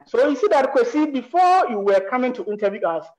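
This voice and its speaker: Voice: high voice, big pitch swings, fairly quick, darkish tone, slight background noise, low-quality recording. A screenwriter from Ghana with a Ghanaian accent, talking on a panel in an emphatic way and asking rhetorical questions. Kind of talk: panel discussion.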